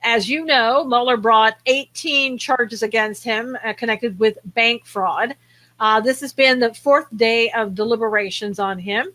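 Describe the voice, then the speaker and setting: A woman with a bright, forceful voice hosts a live talk show. She chats easily, laughs often and greets her viewers by name. Her voice sits a little high for a woman. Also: unhurried. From American South. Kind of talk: casual chat.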